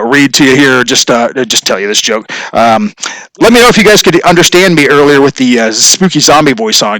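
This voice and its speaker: A man's voice: fairly high pitch, bright, forceful tone, no echo, low-quality recording. A man hosting a casual live stream from his showroom, rambling along and telling corny jokes. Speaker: host of a live stream show.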